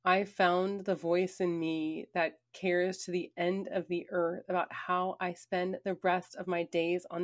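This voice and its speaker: A woman reading her own memoir aloud in an earnest, emphatic storytelling manner, with casual conversational asides. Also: lowish voice. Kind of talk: personal memoir narration.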